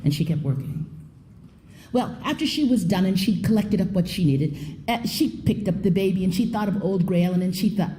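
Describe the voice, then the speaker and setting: A woman telling a folk tale on stage, expressive, swooping in pitch and dropping to a hush. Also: fairly quick. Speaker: storyteller. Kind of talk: live storytelling performance. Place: theater stage before an audience.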